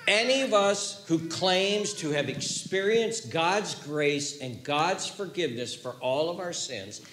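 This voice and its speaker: A male pastor preaching a sermon, telling a story in an animated way that swings from hushed to loud. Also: a little high, measured pace, reverberant.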